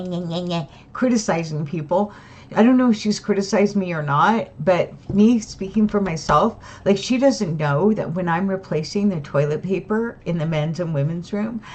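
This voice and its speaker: A woman's voice: fairly low pitch, darkish tone. Weary rambling woman venting, lo-fi. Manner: rambling, weary, frequent "right?" and restarts. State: tired. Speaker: vlogger. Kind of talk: casual venting monologue to camera. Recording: dull lo-fi sound.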